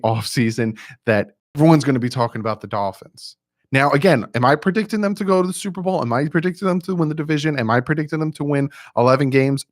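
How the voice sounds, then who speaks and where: Excitable man hosting a fan live stream. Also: medium pitch, no echo, clean studio sound. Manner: excitable, fast-talking, repeats himself, reads chat aloud.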